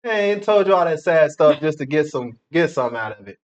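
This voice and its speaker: A man's voice: fairly high pitch, lively intonation, fast talker. A man reacting with blunt, slangy jokes as a co-host. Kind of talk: reaction commentary. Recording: dull lo-fi sound.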